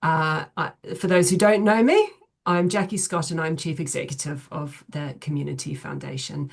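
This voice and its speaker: A middle-aged woman hosts a webinar over a video call, her voice sitting a little low. She speaks in a measured way, filling her pauses with ums and uhs as she runs through the housekeeping and the theme. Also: vocal fry, breathy edge. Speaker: chief executive hosting a webinar. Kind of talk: hosting an online webinar.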